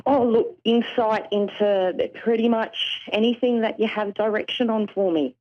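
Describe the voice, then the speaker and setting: A woman's voice: on the high side, fairly even intonation, normal speed, highs cut off. Friendly Australian woman caller. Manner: friendly, laughs easily, brief replies. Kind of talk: phone-in conversation.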